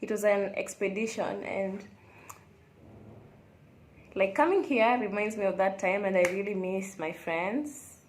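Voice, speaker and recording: A young woman talks to camera in a relaxed, confessional way, musing openly as she goes. Her voice sits at an ordinary middle pitch and carries the echo of a bare hotel room. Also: unhurried, pauses often, slight background noise. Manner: chatty, reflective and candid. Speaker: vlogger. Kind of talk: casual confessional vlog chat.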